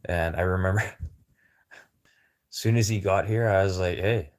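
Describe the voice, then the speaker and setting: A man's voice: low voice, steady tone, normal speed. A man livestreaming a casual, rambling chat with viewers over a phone, talking in a blunt, profane way.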